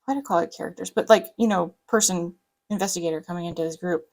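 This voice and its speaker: A woman from the Southern US with a faint trace of that accent chats as she decorates her planner. Her voice sits low with a gravelly edge. She rambles along casually, full of fillers. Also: fast, a little mellow, low-quality recording. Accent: light Southern US. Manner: rambling, chatty, lots of fillers. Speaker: planner vlogger.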